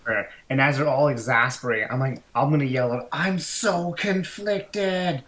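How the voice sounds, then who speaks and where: A man's voice: medium pitch, steady tone, fairly quick, fairly bright tone. A man playing in a tabletop game, chatting casually with playful joking asides. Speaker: player.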